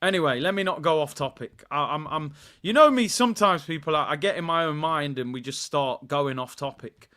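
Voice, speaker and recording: A man's voice: brisk, hardly any pauses. A young man, hosting a live football watchalong and chatting in a rambling, playful way. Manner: animated, rambling, playful, bursts into high shouts. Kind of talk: casual live-stream chat.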